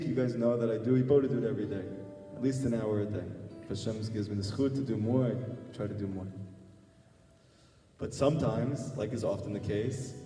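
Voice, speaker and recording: A man's voice: mid-range voice, mellow. A man, a rabbi, telling a personal story in a sermon, earnest and repeating phrases for emphasis. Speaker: rabbi giving a talk. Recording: echoey hall, far from mic, faint guitar.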